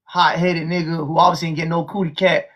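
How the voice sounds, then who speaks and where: A man hosting a heated call-in livestream, loud, profane and mocking, often repeating himself. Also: a little high, little pitch movement, fast talker. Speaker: livestream host.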